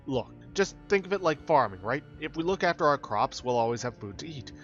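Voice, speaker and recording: A man's voice: fairly high pitch, sing-song, brisk, fairly bright tone, highs cut off, faint music behind. A man voicing a blunt, grim survivor who argues in a matter-of-fact way. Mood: insistent.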